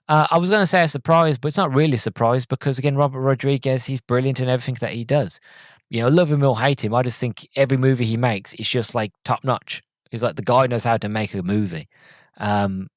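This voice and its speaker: A man's voice: medium pitch, no echo. A podcast host in his twenties reviewing a film in a casual solo talk, rambling and enthusiastic with lots of fillers. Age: 20s.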